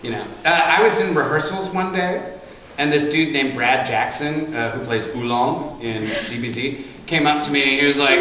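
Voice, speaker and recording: A man's voice: medium pitch, moderate pace, bright, forceful tone. A man, a voice actor, telling jokey stories at a convention panel. He laughs often and acts out voices. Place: large convention hall. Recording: echoey convention hall from far off, crowd ambience.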